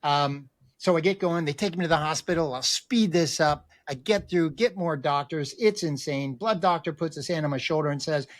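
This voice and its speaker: Animated middle-aged man telling his story. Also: fairly high pitch, moderate pace, dry recording, clean studio sound. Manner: acts out quoted voices, frequent restarts. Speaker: podcast guest.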